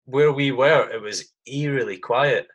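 A man's voice: mid-range voice, a little slow, fairly bright tone, highs cut off. A man from Britain hosting a podcast with an army comrade, talking in a loose, rambling way and swearing freely. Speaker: podcast host. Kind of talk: casual chat.

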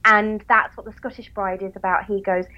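A woman's voice: medium pitch, little pitch movement, moderate pace, dull audio. A woman from England with a Southern English accent, co-hosting a casual book chat in a dry, self-mocking way and laughing often. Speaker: podcast co-host.

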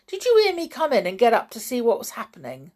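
A woman voicing a rough, impatient adult male farmhand who demands answers. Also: fairly high pitch, wildly swooping pitch, fast talker, darkish tone, pitched above the performer's own voice. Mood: angry.

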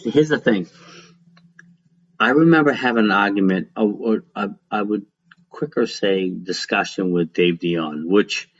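A middle-aged former racing driver telling rambling, folksy stories in a casual interview, laughing now and then. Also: male voice, on the low side. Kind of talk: casual storytelling. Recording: dull lo-fi sound.

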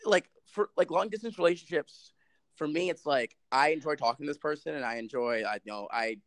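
A man's voice: a little high, brisk, fairly bright tone. A man in his twenties co-hosting a podcast, rambling and joking, filling his talk with "like". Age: 20s. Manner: rambling, lots of "like", jokey, laughs often. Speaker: podcast co-host. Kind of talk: casual podcast chat.

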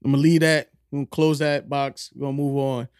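A man's voice: mid-range voice, fairly even intonation, quick pace, darkish tone, smooth, no room sound, clean studio sound. A man co-hosting a podcast, chatting casually and joking with loose, profane banter. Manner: joking, loose, swears freely. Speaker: podcast co-host. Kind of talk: casual chat.

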